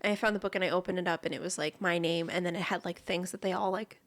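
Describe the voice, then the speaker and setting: A woman's voice: on the low side, fairly even intonation, fast talker. A young woman co-hosting a casual chat, talking in a loose, filler-heavy way and laughing easily. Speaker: co-host.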